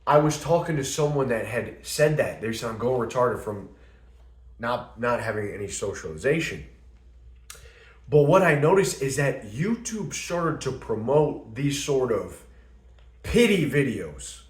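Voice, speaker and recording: A young man vlogging in a casual, rambling monologue, telling a story with animated quoted asides. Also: medium pitch, unhurried. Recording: echoey room.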